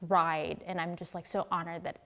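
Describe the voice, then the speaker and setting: A woman from the Philippines, an actress in her thirties, talking in a casual interview in an animated, expressive way with frequent laughs. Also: lowish voice, moderate pace. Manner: animated and expressive, laughs often, many fillers.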